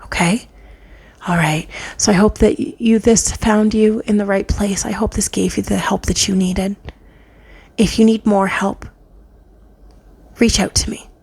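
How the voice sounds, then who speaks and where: A woman giving an earnest spiritual tarot reading, a parent who often drops into soft whispers for emphasis. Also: medium pitch, fairly even intonation, a little slow, vocal fry, long pauses, slightly rough. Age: adult, parent of a child. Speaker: tarot reader. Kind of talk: spiritual pick-a-card reading.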